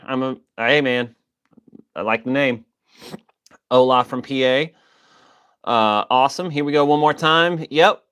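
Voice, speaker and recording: A livestream host reads through chat, casually joking and calling out viewers by name, his voice a little high and fairly bright. He's coughing and sounds a bit wheezy.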